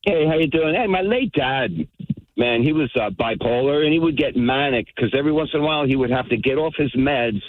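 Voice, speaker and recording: A man's voice: mid-range voice, expressive, fairly quick, no room sound. A man calling in to a radio show, casually telling a story. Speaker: caller. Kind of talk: phone call to a radio show. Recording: tinny phone line.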